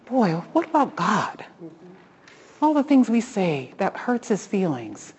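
A woman hosting a Christian devotional talk, preaching fervently and rising into excited exhortation. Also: mid-range voice, slow, big-room sound, slight background noise. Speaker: host.

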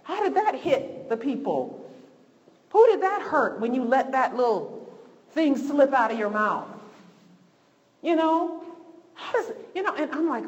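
Woman Bible teacher, informal and lively, fairly high voice, recorded in an echoing church hall. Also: moderate pace, dull audio, slight background noise. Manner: conversational, repetitive, lively.

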